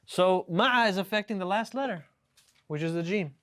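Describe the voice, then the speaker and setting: A man's voice: sits high, moderate pace, a bit bright, clean tone. A man teaching an Arabic class to students, explaining words patiently, often checking with "right?" and reading example sentences aloud. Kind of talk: classroom lesson.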